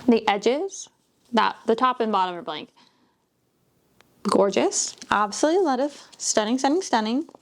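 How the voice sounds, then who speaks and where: A woman chatting casually as she unboxes books, gushing, gasping and dropping into soft whispers. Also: on the high side, animated, normal speed, pauses often. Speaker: book vlogger.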